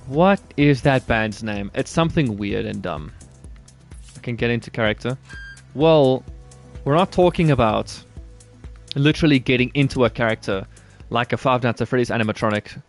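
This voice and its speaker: A man giving rambling, crude, joking commentary while he plays a racing game. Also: medium pitch. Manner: rambling, jokey, crude humor. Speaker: gaming streamer. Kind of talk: casual gameplay commentary.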